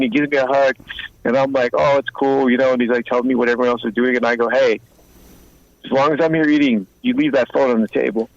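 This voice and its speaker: A man's voice: mid-range voice, fairly even intonation, fast, no echo. Blunt street-smart guy in his 50s telling war stories, plays both sides of the convo, kinda muffled dry sound. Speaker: guest, former mobster turned informant and author. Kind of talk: casual interview storytelling.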